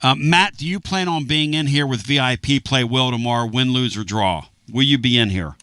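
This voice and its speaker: A man hosting a sports talk radio show, animated and rambling with quick asides and jokes. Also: mid-range voice, smooth, dry recording. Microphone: studio microphone.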